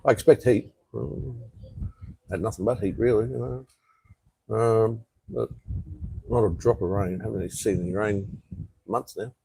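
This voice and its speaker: A man's voice: fairly low pitch, fairly even intonation, a little slow, gravelly, long pauses, dark tone, slight background noise, low-quality recording. A man with an Australian accent, rambling in a laid-back way as he chats casually on a live stream from an outdoor patio. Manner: rambling, laid-back, reads out viewer comments. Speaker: vlogger.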